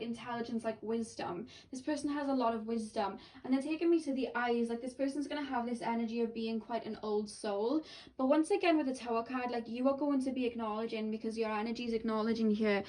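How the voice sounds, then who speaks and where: A woman's voice: on the high side, darkish tone, recorded from a distance. A woman giving a pick-a-card tarot reading, rambling and full of "like" and self-corrections. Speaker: tarot reader.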